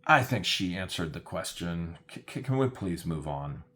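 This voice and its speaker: A man's voice: sits low, lively intonation, moderate pace, a bit bright. A man doing a pleading lawyer. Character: pleading male lawyer for the other side.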